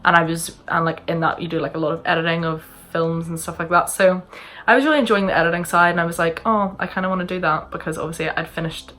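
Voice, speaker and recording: Faint music carries from another room as a young Northern Irish woman vlogs, answering viewers' questions in a rambling, self-mocking, casual manner. Her voice is deep and a bit bright, with fairly even intonation and a quick pace.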